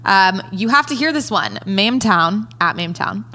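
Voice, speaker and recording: Bright upbeat woman host. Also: medium pitch, lively intonation, unhurried. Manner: upbeat, reads tweets aloud. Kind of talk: interview hosting.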